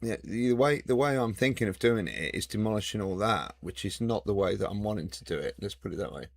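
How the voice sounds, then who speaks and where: Gamer, low gravelly voice, jokey banter while playing. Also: male voice, animated, a little fast, dry recording. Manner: joking banter with mild swearing. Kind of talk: casual chat while playing a game.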